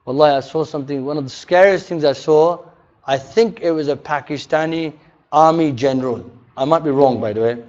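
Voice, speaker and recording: A man teaching a religious workshop in a mosque, animated and often checking in with his listeners. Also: on the high side, fairly quick. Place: mosque hall. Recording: dull lo-fi recording.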